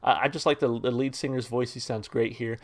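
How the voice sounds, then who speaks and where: A man hosting a music reaction channel, talking through a song in a relaxed, rambling way and reading its lyrics aloud. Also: mid-range voice, fairly quick. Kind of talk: casual music review talk.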